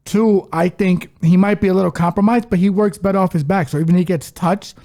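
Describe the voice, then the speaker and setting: A man's voice: sits high, steady tone, fairly quick, gravelly, mellow. A man co-hosting a casual combat-sports betting podcast, confident and blunt about his picks. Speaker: podcast co-host, betting analyst.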